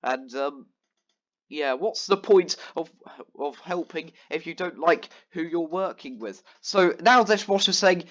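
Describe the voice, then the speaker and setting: Exasperated guy ranting, higher voice. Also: measured pace, fairly bright tone, highs cut off. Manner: rambling, exasperated storytelling with many fillers. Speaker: gaming vlogger. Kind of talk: casual ranting commentary over gameplay.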